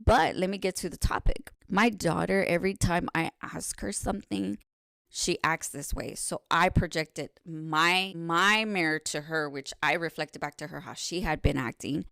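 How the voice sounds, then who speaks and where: Smooth low-voiced woman telling her story. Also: normal speed, dry recording. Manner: frank and profane, rambling and self-correcting; swings between loud animated retelling and soft hushed confession. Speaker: podcast guest sharing her story. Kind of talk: candid personal storytelling.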